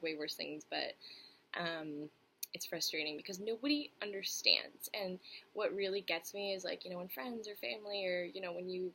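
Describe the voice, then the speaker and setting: A woman's voice: fairly low pitch, creaky, sharp tone, slight background noise, low-quality recording. A young woman chatting candidly to camera, answering viewer questions with lots of fillers and restarts. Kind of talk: casual chat to camera.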